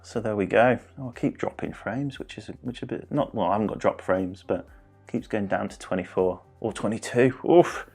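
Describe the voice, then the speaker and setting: A man's voice: fairly low pitch, normal speed, creaky, a little mellow, husky, soft background music. Rambling man hosting a quiz. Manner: rambling, self-interrupting, jokey. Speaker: quiz host. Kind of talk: live-streamed quiz, casual chat.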